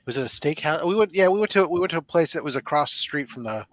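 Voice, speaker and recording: A man's voice: a little high, animated, fast talker, no echo. A man in casual chat, laid-back and rambling, swearing freely. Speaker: podcast co-host.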